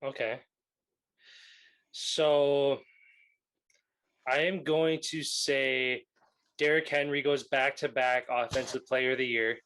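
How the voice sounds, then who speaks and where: A man's voice: mid-range voice, fairly even intonation, slow pace, pauses often, a bit bright, clear, resonant tone. A young man co-hosting a podcast, chatting casually about sports and laughing often. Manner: laughs often, loose and joking. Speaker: podcast co-host.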